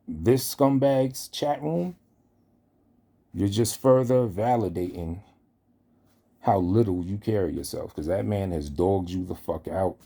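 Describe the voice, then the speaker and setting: Low gravelly man ranting. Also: slow, mellow. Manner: confrontational, profane, addresses target directly. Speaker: online commentator. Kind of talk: heated callout rant.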